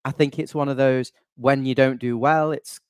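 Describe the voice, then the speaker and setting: A young man hosts a casual fan podcast, chatting in a loose, wry way and wandering off into asides. His pitch sits in the middle range. The voice is close and dry, with no room echo. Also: fairly even intonation, normal speed, clear, resonant tone. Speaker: channel admin and host.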